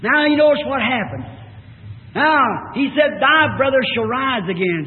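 A man with a very high voice preaches a revival sermon, fervent and climbing into shouts. He sounds distant in a large, reverberant hall. The old recording is thin and phone-like, with a little noise behind him. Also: expressive, measured pace.

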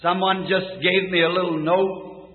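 A slightly hoarse man with a high voice, preaching and praying with fervent, folksy earnestness to a gathered congregation. It sounds like a tinny, phone-thin old recording, with the long ring of a big hall behind him. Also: level tone, unhurried. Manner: fervent, folksy, pleading in prayer. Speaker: evangelist preacher. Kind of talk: sermon and spoken prayer. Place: large meeting hall with a congregation.

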